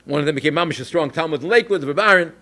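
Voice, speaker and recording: Lively fast-talking rabbi telling a story. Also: male voice, on the high side. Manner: animated, anecdotal, Yiddish and Hebrew terms. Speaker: rabbi and educator. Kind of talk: storytelling Torah talk.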